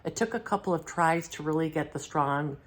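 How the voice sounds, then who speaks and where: A middle-aged woman with an unusually deep, low-pitched voice tells of a spiritual channeling session. She sounds a little unwell and clears her throat now and then. Her delivery is halting and reflective, with many pauses and restarts. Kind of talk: casual first-person account.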